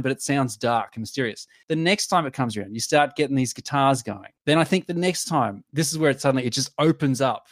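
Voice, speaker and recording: A man's voice: mid-range voice, no echo, clean studio sound. A man co-hosting a casual music review podcast, enthusiastic, humming and singing bits of songs as he talks. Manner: enthusiastic, sings and hums musical lines. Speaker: podcast co-host.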